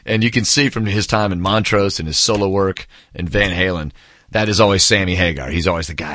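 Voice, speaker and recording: A man's voice: low voice, a little fast, a bit bright, no echo, studio quality. A man in his forties casually reviewing a book, telling stories with enthusiasm, acting out quotes and saying "man" a lot.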